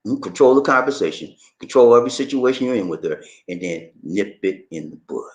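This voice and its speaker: A preachy, emphatic man giving relationship advice in a vlog. His pitch swoops widely and leaps high when he drives a point home. The voice rings in an echoey room. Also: lively intonation, fairly quick. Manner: emphatic, preachy, calls the listener "man" and "baby". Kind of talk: casual motivational advice talk.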